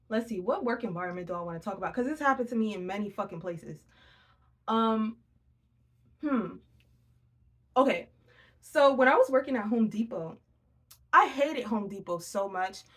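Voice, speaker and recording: Young female tarot reader, raised pitch, casual and profane, tells stories with energy. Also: breathy edge. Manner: blunt, profane, animated storytelling.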